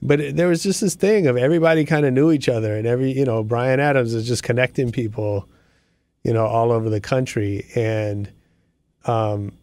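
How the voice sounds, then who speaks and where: A man's voice: medium pitch, fairly even intonation, a little fast, darkish tone. A middle-aged man hosting an interview, talking in a reflective, loose way with many fillers. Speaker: podcast host. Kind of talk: conversational interview.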